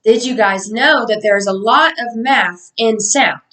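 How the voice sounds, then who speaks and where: A woman's voice: a little high, measured pace, fairly bright tone, recorded from a distance, low-quality recording. A young woman giving a mock lesson to a class of children in an upbeat, sing-song teacher voice.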